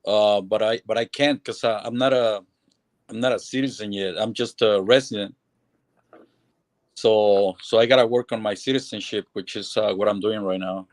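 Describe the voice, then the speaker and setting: Low-voiced earnest man, dry sound. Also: steady tone, no room sound. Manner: earnest, halting. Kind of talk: casual talk radio chat. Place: talk radio studio.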